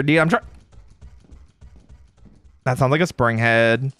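Animated young man streaming a horror game. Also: medium pitch, slow, pauses often, dry recording. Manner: animated, jumpy, joking, yells when scared. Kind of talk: casual gaming stream chat.

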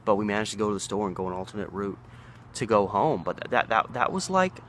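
Rambling low-voiced man telling stories. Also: fast talker, slight background noise. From Oregon, USA. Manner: rambling, animated when excited, many fillers. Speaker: local history vlogger. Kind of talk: casual storytelling.

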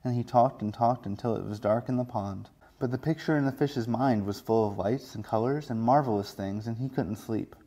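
A children's librarian, male and medium-pitched, reads a picture book aloud, telling the story slowly and gently.

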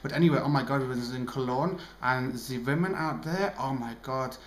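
In an echoey indoor room at home, a tired young man co-hosts a show, rambling cheekily through a casual vlog with plenty of ums. His mid-range voice moves briskly, and a faint hiss runs under the recording.

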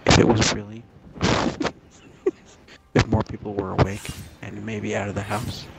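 A man's voice: lowish voice, flat delivery, slow pace, vocal fry, very noisy. A young man in voice chat teasing his streaming friend with crude banter. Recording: game music behind. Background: game music.

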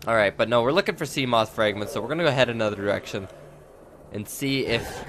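A man giving let's play commentary, excitable and quick to yelp, talking straight to his viewers. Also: medium pitch. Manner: excitable, yelps and jumpy outbursts, addresses viewers. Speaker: gaming video creator.

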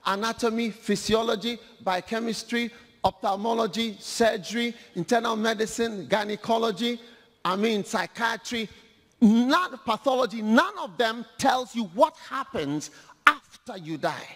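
A male preacher giving an animated, humorous sermon, acting out scripture in a large hall. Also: very high voice, measured pace. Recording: long hall reverb.

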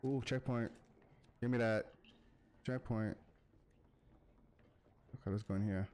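A man from the United States giving excitable gameplay commentary, talking to the characters on screen and chanting quick urges to keep going. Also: on the low side, clear, resonant tone. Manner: excitable, talks to the game characters, chants urgent repeats. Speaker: gaming YouTuber.

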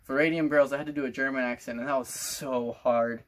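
A man's voice: medium pitch, steady tone, fairly quick. Rambling teenage boy vlogger. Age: teens. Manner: rambling and playful, putting on a loose made-up accent. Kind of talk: casual vlog talk to camera.

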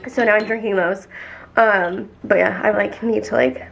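Young woman, casual vlog chat, gravelly voice, talkative. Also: medium pitch, fairly even intonation, moderate pace, fairly bright tone, highs cut off, a little hiss or hum. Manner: chatty, lots of "like", coos baby talk to her cat. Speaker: vlogger. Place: home and backyard deck.

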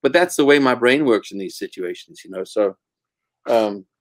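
A man's voice: on the low side, animated, moderate pace, no room sound. A middle-aged man from Africa, a record producer telling candid, blunt stories as a guest in a casual interview and swearing freely. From South Africa.

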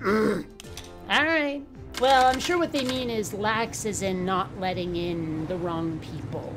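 A woman's voice: a little high, slow pace, faint music behind. A woman giving casual let's play commentary, bantering sassily with the characters on screen. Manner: playful, sassy banter with game characters.

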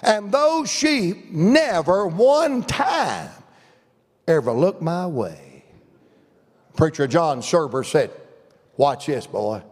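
An older man with a Southern American accent preaches a folksy, humorous revival sermon in a church sanctuary, telling stories as he goes. His voice sits high and sing-song, and he takes it slowly with long pauses, with long church reverb on the recording.

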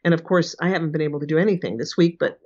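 A woman's voice: low voice, rapid-fire, dark tone. A woman in her sixties, a guest on an interview show, talking casually with frequent laughs and acted-out quotes. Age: 60s. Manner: chatty, laughs often, acts out quotes. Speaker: guest, remote viewing teacher. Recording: dull lo-fi audio.

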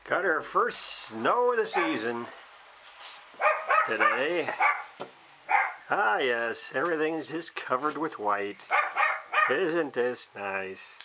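A man's voice: big pitch swings, slow pace, long pauses, heavy background noise. A man casually narrating a home video outdoors in his snowy yard, rambling on and chatting to his dog. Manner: rambling, chatty, talks to his dog in a high sing-song voice. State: cold, fingers freezing. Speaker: vlogger.

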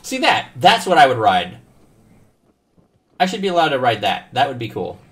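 A man's voice: mid-range voice, normal speed. A man streaming a video game live, chatting casually with viewers, joking and swearing often. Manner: animated, swears often, jokes with chat.

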